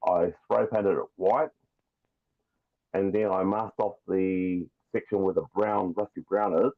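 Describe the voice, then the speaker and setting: A man's voice: low voice, steady tone, unhurried. A man with a New Zealand accent, chatting casually and rambling as a podcast guest over a video call. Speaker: guest toy customizer. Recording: tinny phone-like call line.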